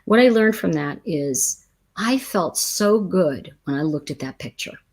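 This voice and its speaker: A woman who teaches tarot chats casually on a livestream, telling animated stories that drift into tangents and answering viewer comments. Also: fairly low pitch, measured pace.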